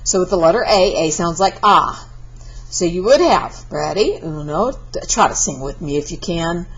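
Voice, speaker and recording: A woman's voice: fairly low pitch, lively intonation, normal speed, husky, poor audio. A Spanish teacher. She gives a recorded class lesson in a chatty, encouraging way and breaks into sung verses.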